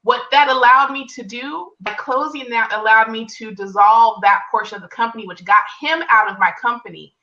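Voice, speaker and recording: Animated woman telling her story. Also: moderate pace, hardly any pauses. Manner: animated storyteller, acts out quotes in higher pitch. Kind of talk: personal story in casual conversation. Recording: distant mic, dull lo-fi sound.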